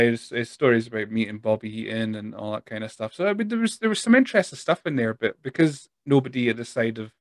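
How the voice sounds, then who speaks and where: A man's voice: mid-range voice, dry recording. Chatty Scottish man hosting a podcast. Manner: chatty, laughs often, trails off and restarts. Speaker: podcast host. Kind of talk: casual chat.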